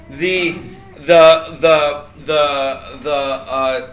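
Bright-voiced man teaching a Bible class. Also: a little high. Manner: lively, asks the group questions, jokes and laughs. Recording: echoey room, faint ambience.

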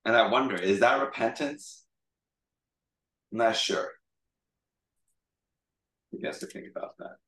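A man's voice: mid-range voice, measured pace, long pauses. A man leading a Bible study group in a casual, chatty, joking way. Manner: chatty, jokey, animated retelling. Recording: echoey room, mic far off.

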